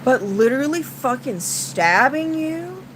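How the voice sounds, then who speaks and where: High, bright-voiced woman venting bluntly. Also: very animated, unhurried, a little hiss or hum, low-quality recording. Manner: blunt and profane, swinging between heated outbursts and tired sighs. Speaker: streamer venting to chat. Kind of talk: casual livestream venting.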